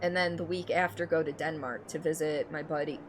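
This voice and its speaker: Streaming gameplay from her home, a young Michigan woman talks easily with her chat and keeps bursting into laughter. She speaks fairly quickly in a slightly low voice, over a constant hum picked up by the mic, in a loose, off-the-cuff session.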